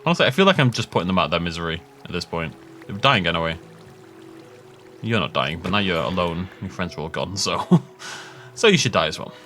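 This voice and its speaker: A man chatting through his gameplay in a loose, wandering way, with a voice that climbs and dips all over the place. He laughs at his own half-finished jokes. Soft game music plays quietly in the background. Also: low voice, very animated, brisk. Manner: rambling and jokey, laughs at his own tangents. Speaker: gaming YouTuber. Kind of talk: casual let's-play commentary.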